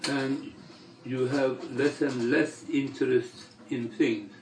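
Slow gravelly older man preaching. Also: medium pitch, fairly even intonation, noisy background. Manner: slow, measured preaching with long pauses. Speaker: religious teacher. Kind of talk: sermon. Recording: echoey room, mic far off.

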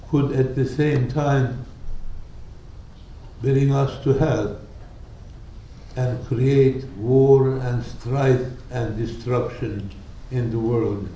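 A man preaching a sermon, telling stories slowly and deliberately and acting out the people in them. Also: medium pitch, mellow, a little hiss or hum. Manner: slow, deliberate storytelling with dramatic quoted voices. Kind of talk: sermon storytelling. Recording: echoey hall, speaker far from mic.

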